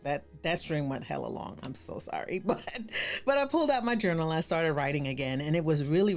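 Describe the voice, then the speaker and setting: A woman hosting a live stream, chatting in a casual, animated and exclamatory way with her viewers. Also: low-pitched. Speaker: livestream host and branding coach.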